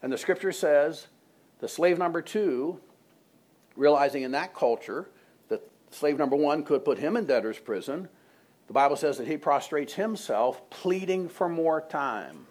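A man's voice: fairly high pitch, expressive, a little slow, a little mellow. A male pastor preaching a sermon to a congregation, retelling a story in a conversational way and asking the room questions.

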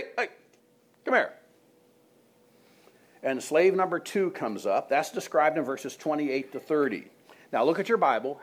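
A male pastor preaching a sermon to a congregation, retelling a story in a conversational way and asking the room questions. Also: fairly high pitch.

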